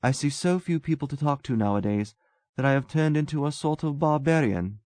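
A man's voice: on the high side, animated, a little fast, darkish tone, dry recording, voice pushed up, lightly acted. A man reading a story aloud, voicing a talkative, self-absorbed young man who muses earnestly.

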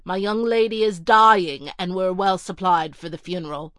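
A woman reading a storybook voicing a weary male butler who loudly reels off refusals. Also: lowish voice, moderate pace, dry recording, clean studio sound, natural voice. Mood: dismissive. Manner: loud, flat, listing refusals. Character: stiff, weary male butler of a wealthy house.

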